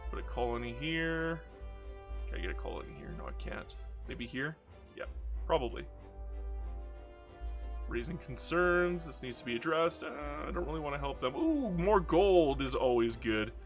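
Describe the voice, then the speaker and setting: A man's voice: on the high side, big pitch swings, normal speed, pauses often, soft background music. A man with a regional American accent giving casual, chatty gameplay commentary, exclaiming at the game and poking fun at himself. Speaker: video game streamer.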